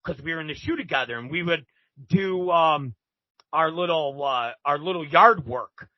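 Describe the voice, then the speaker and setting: High-voiced man telling a story. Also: normal speed, no room sound, lo-fi sound. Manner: animated, acts out other people's lines; swears freely. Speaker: podcast guest. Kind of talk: casual storytelling.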